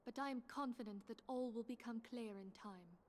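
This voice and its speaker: An actress voicing a calm, thoughtful young woman leader in a game cutscene, speaking in a measured, formal way. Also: on the high side, slight background noise, close to an everyday voice. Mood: reflective.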